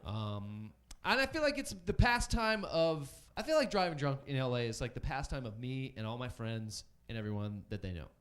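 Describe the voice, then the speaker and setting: A man working a comedy club crowd, loose and self-mocking with plenty of ums. His pitch rises and falls a lot. He talks into a handheld stage mic. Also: sing-song, normal speed, hardly any pauses, fairly bright tone. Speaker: stand-up comedian. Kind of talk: stand-up comedy set.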